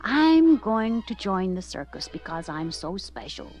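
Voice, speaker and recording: A woman's voice: medium pitch, sing-song, measured pace, a little mellow, faint music behind. Jigsaw, a woman doing an eager boastful young animal. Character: young male pet animal who feels special.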